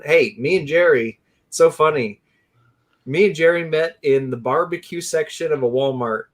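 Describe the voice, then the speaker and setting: Excitable rambling barbecue show host man. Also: on the high side, normal speed. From California. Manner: excitable, rambling, says "dude" a lot. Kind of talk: casual live-stream chat.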